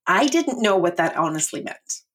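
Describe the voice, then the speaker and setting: A middle-aged woman telling her life story as a podcast guest, animated and laughing often as she acts out what she and others said. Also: mid-range voice, moderate pace. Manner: animated, laughs often, quotes herself in voices.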